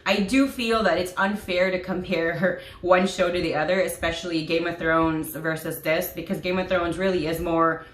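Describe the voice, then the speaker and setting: A woman vlogger talks in a casual, gushing way, full of fillers and little laughs. Her voice sits a bit low for a woman. The room around her has a noticeable echo. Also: fairly even intonation, normal speed, hardly any pauses. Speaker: vlogger reviewing a TV series. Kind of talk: casual chat. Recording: echoey room.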